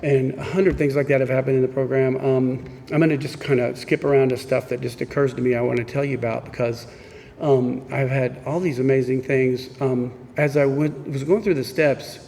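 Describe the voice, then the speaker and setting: A man's voice: mid-range voice, fairly even intonation, normal speed, gravelly, dark tone. A man from Missouri telling his recovery story at a meeting, candid and self-mocking, acting out old conversations as he goes. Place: meeting room. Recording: echoey hall with faint background noise.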